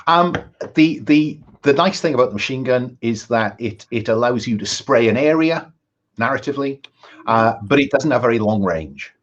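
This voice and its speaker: Hesitant husky-voiced male game master. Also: medium pitch, expressive, normal speed, highs cut off. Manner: hesitant, many ums and restarts. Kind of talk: narrating a tabletop game.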